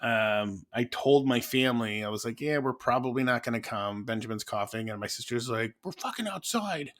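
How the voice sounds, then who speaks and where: A man's voice: mid-range voice, steady tone, brisk, a bit bright. A man in his thirties co-hosting a podcast, telling a family story in a laid-back way with fillers. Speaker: podcast co-host. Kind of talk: casual chat.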